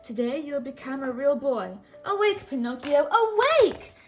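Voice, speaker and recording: A woman's voice: high-pitched, animated, normal speed, music in the background. A woman voicing a kind magical fairy from a storybook, speaking solemnly and commandingly.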